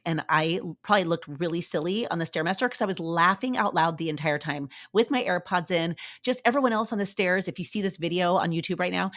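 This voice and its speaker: A woman with a lowish, fairly bright voice hosts a motivational fitness podcast. She's upbeat and chatty, cheering listeners on and laughing often.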